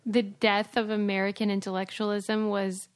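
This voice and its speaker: A woman's voice: mid-range voice, flat delivery, normal speed. A young adult woman co-hosting a podcast, chatting candidly and laughing often. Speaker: podcast co-host. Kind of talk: casual chat.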